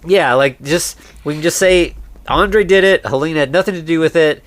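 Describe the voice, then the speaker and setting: A man co-hosting a podcast, casually recapping a movie and putting on quick voices for its characters. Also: on the high side, fairly bright tone, no echo. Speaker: podcast co-host.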